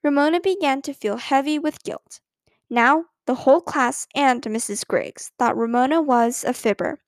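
A narrator reads a children's storybook aloud in a lively, expressive way. Her voice is high and she speaks at a normal speed, with close, dry sound and no room around it.

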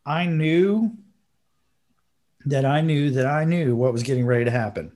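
A man's voice: mid-range voice, normal speed, a little mellow. A man hosting a podcast, telling a story in a casual, earnest and emotional way, dropping slang like bro and dude. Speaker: podcast host.

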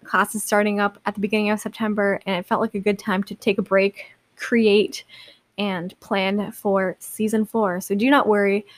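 Young woman, solo podcast host, chatty and rambling. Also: medium pitch. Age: young adult. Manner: chatty and rambling, lots of likes and restarts. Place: seated in a chair.

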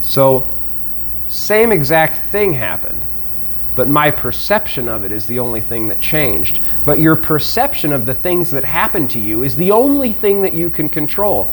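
A man's voice: fairly high pitch, very animated, moderate pace. A man in a casual chat, talking earnestly and reflectively, with casual swearing. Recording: faint background noise.

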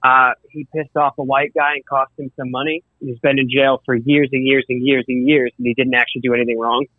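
A man's voice: medium pitch, level tone, a little fast, no echo. Brash man on a dull, dry mic. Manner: brash, profane jabs. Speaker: podcast co-host. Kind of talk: casual chat.

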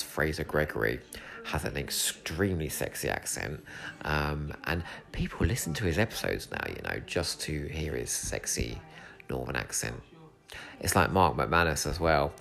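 An English man from England hosting a solo podcast commentary at home, chatty and excitable, swearing casually. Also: very deep voice, gravelly. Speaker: podcast host. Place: home room with a cat.

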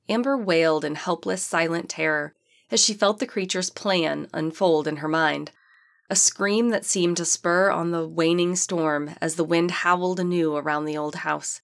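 A woman reads an audiobook in a measured, dramatic storytelling manner. Her voice sits low. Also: creaky. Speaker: audiobook narrator. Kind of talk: audiobook narration.

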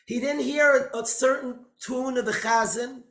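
A man's voice: extremely high pitch, steady tone, moderate pace. Impassioned man preaching in an echoey room. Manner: dramatic, swings between loud outbursts and hushed lines. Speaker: speaker giving a religious talk. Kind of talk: impassioned storytelling sermon.

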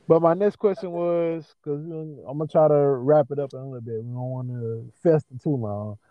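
A man hosts a casual podcast and asks his questions in a slow, laid-back way. His voice sits a little high, and the recording is dry and muffled. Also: no echo. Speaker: podcast host. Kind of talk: casual interview. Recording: dull, dry podcast audio.

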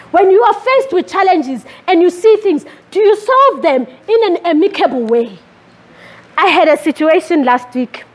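A middle-aged woman preaching a sermon, animated and switching languages with sudden rises in pitch.

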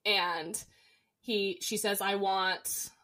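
A woman co-host talking through a book in easygoing podcast chat, her voice at a plain middle pitch. She rambles comfortably and fills her pauses with um and like. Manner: relaxed storytelling with fillers like um and like. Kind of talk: casual chat about books.

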